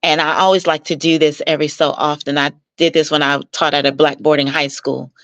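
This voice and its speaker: A woman with a slightly low voice tells stories from her coaching work in a lively, persuasive way. She slips into the voices of the people she quotes as she goes. The sound is dry and close, with no room echo. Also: fairly quick. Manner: animated, acts out quoted dialogue with jumps in pitch; warm, persuasive, mentoring tone. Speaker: marital coach, interview guest. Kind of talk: conversational storytelling.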